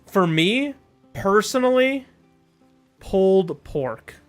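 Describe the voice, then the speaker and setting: A man's voice: high voice, very animated, slow, faint music behind. A man from Europe streaming a game with casual, joking commentary, rambling and often laughing.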